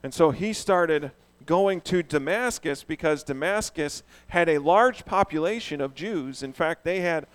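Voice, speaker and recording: Male pastor, animated sermon delivery, fairly high voice, questions the crowd. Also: a little slow, hardly any pauses. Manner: animated, asks the audience questions.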